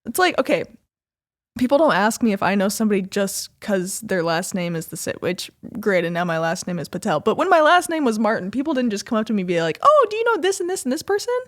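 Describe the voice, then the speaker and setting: A young woman from Indiana co-hosting a podcast, chatting and rambling with quick asides, with a slight Midwestern accent that has a southern tinge. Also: mid-range voice, animated, no room sound, studio quality. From Indiana, USA. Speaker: podcast co-host. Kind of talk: casual chat.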